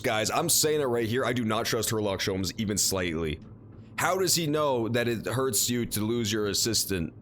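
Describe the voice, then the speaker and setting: Animated, swearing game streamer. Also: male voice, fairly low pitch, moderate pace, a little hiss or hum. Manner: animated, profane, joking. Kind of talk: casual game commentary. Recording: game music behind the voice.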